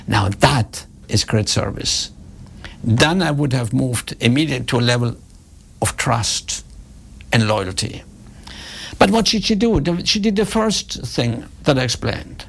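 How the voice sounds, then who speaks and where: A man's voice: mid-range voice, animated, unhurried, creaky, a bit bright, breathy edge. A man giving a storytelling talk on customer service, emphatic and repeating his key points.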